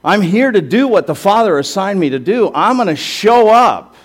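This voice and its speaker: A man's voice: high voice, very animated, moderate pace, pitched above the performer's own voice. A man voicing Jesus, earnest and resolute. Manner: earnest, emphatic, rising in intensity. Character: Jesus, adult man, resolved yet troubled.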